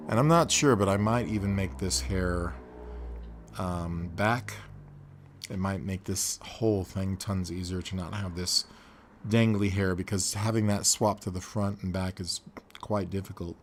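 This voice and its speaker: Slow, deep-voiced man thinking aloud. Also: slight background noise. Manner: unhurried, thinking aloud with frequent fillers. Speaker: animation tutorial host. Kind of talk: casual screen-recorded tutorial narration.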